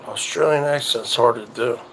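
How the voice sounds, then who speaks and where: A man hosting his own show, chatting casually in a rambling, halting way that often repeats itself. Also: mid-range voice, creaky, a bit bright, slight background noise, poor audio. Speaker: show host. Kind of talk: casual livestream chat.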